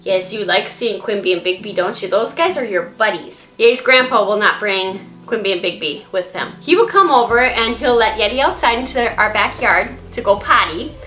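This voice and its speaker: At home, a woman hosts a casual vlog, narrating to camera and chatting upbeat about her dog. Her voice is a little high with a sharp tone, and the room is echoey with faint music behind her.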